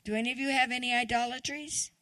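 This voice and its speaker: A woman's voice: a little high, steady tone, quick pace, sharp tone, no echo. A woman guest preacher giving a chatty, conversational sermon, often asking the congregation questions.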